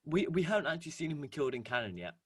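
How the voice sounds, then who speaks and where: A man's voice: on the high side, big pitch swings, very fast, breathy edge, no echo. A young man co-hosting a casual podcast, rambling with lots of fillers. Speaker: podcast co-host. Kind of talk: casual chat.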